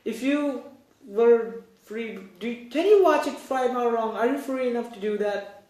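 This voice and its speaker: A man with a fairly high voice runs a casual news show, rambling and stopping to correct himself. He sounds animated and loose. The room around him is noticeably echoey. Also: a little slow. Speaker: host.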